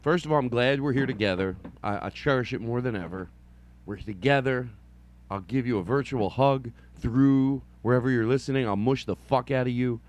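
A man's voice: mid-range voice, normal speed. A middle-aged man hosting a solo podcast, rambling and self-mocking, often slipping into playful silly voices. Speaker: podcast host.

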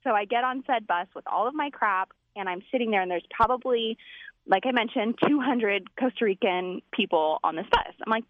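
A woman telling a comedic personal story, animated and acting out voices as she goes. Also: fairly high pitch, moderate pace, no echo. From United States. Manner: animated, acts out voices in quotes. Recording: dull, lo-fi dry recording.

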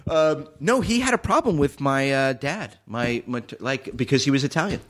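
A man's voice: mid-range voice, lively intonation, normal speed, fairly bright tone. A man guesting on a casual podcast, rambling and poking fun at himself with many fillers. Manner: rambling, self-deprecating, lots of fillers. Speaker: comedian guest.

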